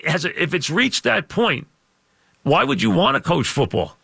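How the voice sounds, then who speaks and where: A middle-aged man with a scratchy voice, hosting a call-in sports radio show and ranting loudly with lots of repetition. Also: high voice, big pitch swings, normal speed, no room sound, studio quality. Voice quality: gravelly, scratchy voice. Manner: loud, emphatic, repeats points. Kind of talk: call-in talk radio rant. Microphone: studio microphone.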